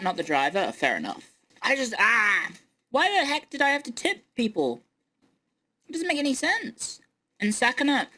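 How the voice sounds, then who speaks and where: A woman's voice: medium pitch, a bit bright. Exasperated ranting woman. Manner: exasperated, ranting, incredulous outbursts. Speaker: VTuber streamer. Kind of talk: casual stream rant.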